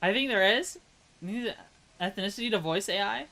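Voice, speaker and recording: A woman's voice: medium pitch, moderate pace, bright, forceful tone, poor audio. A woman with an American accent chatting casually on a live stream, reading chat aloud. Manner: chatty, reads chat aloud, laughs at own jokes; tries mock German accent voices.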